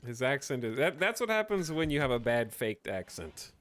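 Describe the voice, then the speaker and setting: Opinionated streamer man, lively pitch. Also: moderate pace. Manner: opinionated, rambling with fillers and restarts. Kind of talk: casual stream chat.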